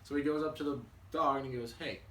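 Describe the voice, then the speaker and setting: A young man casually telling a children's story for a class, relaxed and chatty, with fillers and restarts. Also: mid-range voice, fast talker. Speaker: student. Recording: echoey room, mic at a distance, faint hiss.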